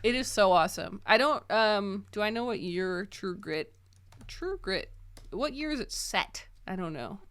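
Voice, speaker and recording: A woman's voice: medium pitch, animated, measured pace, fairly bright tone. A woman co-hosting a book podcast in casual chat, enthusiastic and rambling with lots of fillers. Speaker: podcast co-host.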